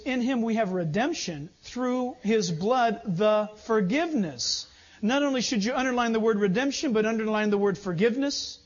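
A man preaching a sermon as pastor, animated, swinging between loud urging and low asides. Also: slightly rough, lo-fi sound.

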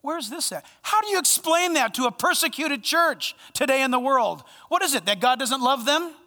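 High-voiced animated male pastor preaching. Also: moderate pace, in a large hall. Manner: animated, playful, shifts between loud and hushed. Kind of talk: sermon. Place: church sanctuary.

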